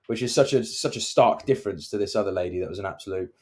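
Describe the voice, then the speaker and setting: A man with a somewhat low voice co-hosts a property podcast from the UK. He talks in a loose, chatty way and tells anecdotes about site visits. He acts out the people he quotes as he goes. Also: fast, darkish tone. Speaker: podcast co-host, property developer. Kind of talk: casual chat.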